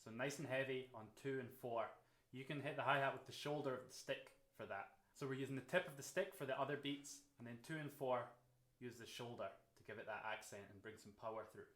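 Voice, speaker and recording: A man, a drum teacher calmly explaining a groove and counting beats aloud. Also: mid-range voice. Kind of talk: instructional explanation. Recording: roomy echo.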